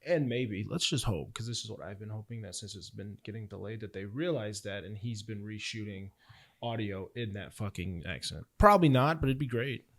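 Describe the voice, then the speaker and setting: A man's voice: fairly low pitch, a bit bright. A man co-hosting a film podcast, chiming in and agreeing in easy casual chat. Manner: agreeable, quick to chime in with yeah. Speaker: podcast co-host.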